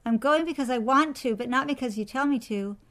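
A defiant little girl, as a woman reading a storybook puts her on. She talks back in a high, pert, sassy voice. The speech is drawn out, pushing each word for effect. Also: moderate pace, a little mellow, close to an everyday voice. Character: impudent sulky little girl.

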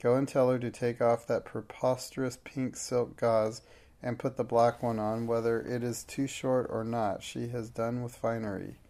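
A man's voice: medium pitch, level tone, normal speed, a little mellow, close to an everyday voice. A man reading the part of a furious, haughty middle-aged schoolmistress in a fierce, bitter manner.

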